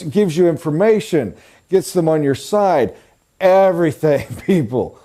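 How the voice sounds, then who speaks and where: A middle-aged man giving a live sales training lecture, emphatic and animated, jumping up in pitch to stress points. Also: a little slow.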